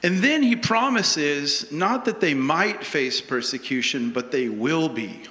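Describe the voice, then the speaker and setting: A man's voice: fairly high pitch, lively intonation, slow, pushed and bright. A male pastor preaching a sermon with a humorous, storytelling delivery in a church. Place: church sanctuary. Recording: long church hall reverb.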